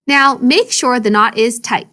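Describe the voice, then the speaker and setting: A woman's voice: fairly high pitch, measured pace, bright, forceful tone, voice pushed up. A woman voicing a friendly, helpful male snake in a storybook read-aloud. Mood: earnest.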